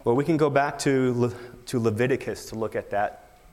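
A man's voice: medium pitch, a little fast, darkish tone, in a large hall. A man preaching a sermon, emphatic, with rhetorical questions. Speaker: pastor.

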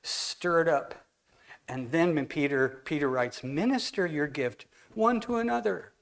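A man preaching a relaxed, anecdotal sermon to a church congregation, telling stories and talking with people in the room. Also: a little high, normal speed, creaky. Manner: conversational, anecdotal, walks among the congregation. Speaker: guest preacher. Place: church hall.

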